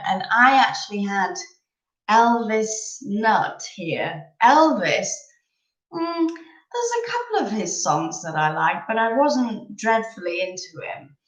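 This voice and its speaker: A woman's voice: medium pitch, sing-song, takes it slowly, echoey room, dull audio. A woman in her thirties from England, chatting casually and rambling a little as she hosts a live chat over coffee. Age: 30s.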